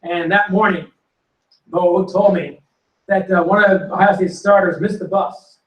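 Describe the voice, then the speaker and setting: A man's voice: high voice, measured pace, dull audio. Guy spinning old football stories in a big echoey room, mic a ways off. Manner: animated anecdotes, acting out quotes and punchlines. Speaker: panelist telling football history stories. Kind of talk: storytelling to a live audience. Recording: roomy hall recording from a distance.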